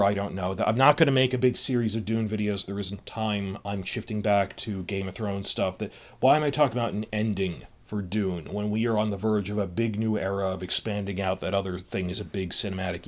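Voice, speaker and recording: A man's voice: on the low side, steady tone, fairly quick, few pauses. A man hosting a solo podcast, rambling emotionally through a film review, restarting his sentences.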